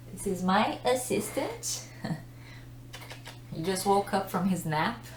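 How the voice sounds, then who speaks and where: A woman's voice: medium pitch, animated, drawn-out words, a little hiss or hum. A woman teaching an English lesson in a chatty way, laughing often between explanations. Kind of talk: casual video lesson. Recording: echoey room.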